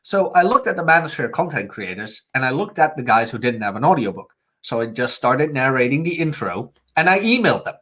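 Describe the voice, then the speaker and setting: A man's voice: mid-range voice, sing-song, brisk, few pauses, fairly bright tone, breathy edge. A man co-hosting a live video-call show, telling his own story in an easygoing way. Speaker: co-host and audiobook narrator. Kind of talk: casual live-stream chat.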